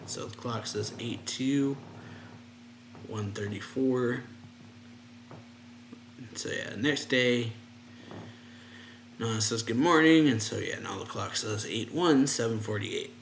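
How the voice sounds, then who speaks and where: A man's voice: medium pitch, slow pace, vocal fry, pauses often, fairly bright tone, reverberant, a little hiss or hum. A man hosting a reaction channel, loosely narrating a manga chapter in casual chat, linking lines with easy fillers. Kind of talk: casual manga read-along.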